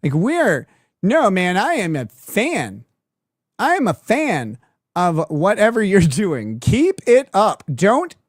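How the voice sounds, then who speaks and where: A woman's voice: fairly low pitch, a little mellow, dry recording, clean studio sound. A woman hosting a live-stream reaction show who laughs often, swears freely and talks sarcastically. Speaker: streamer host.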